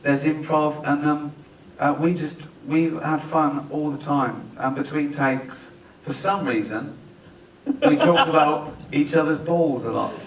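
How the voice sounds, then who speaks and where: A man with an English accent, fairly high-pitched for a man, joking and self-mocking while he talks about his film and often laughing. He is picked up from some distance in an echoey hall, with a faint hiss underneath. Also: a little slow. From England. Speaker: writer-director and actor. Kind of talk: press conference chat. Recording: roomy hall, distant mic.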